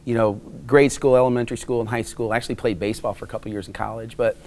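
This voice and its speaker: A man's voice: medium pitch, fairly even intonation, very fast, a little mellow, slight background noise. A middle-aged man from Wisconsin, telling a rambling personal story in a casual interview, with many restarts. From Wisconsin, USA. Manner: rambling anecdotes with frequent restarts and acted quotes.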